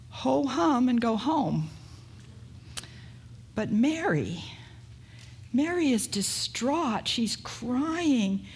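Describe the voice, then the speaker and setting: A woman pastor preaching a sermon, retelling a story in an unhurried way and asking rhetorical questions. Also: fairly high pitch, darkish tone, breathy edge.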